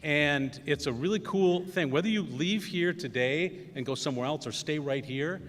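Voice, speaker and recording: A man's voice: fairly high pitch, moderate pace, a bit bright. A middle-aged man, giving a commencement speech full of self-deprecating, anecdotal storytelling and many fillers. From Wisconsin. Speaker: commencement guest speaker. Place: school ceremony hall. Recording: echoey hall reverb.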